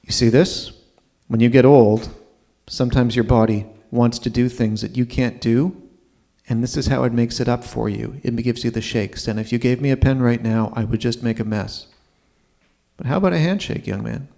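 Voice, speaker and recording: A man impersonating a dry, wisecracking elderly male comedian with slow, drawling quips. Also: mid-range voice, steady tone, gravelly, dark tone, natural voice. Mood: gentle.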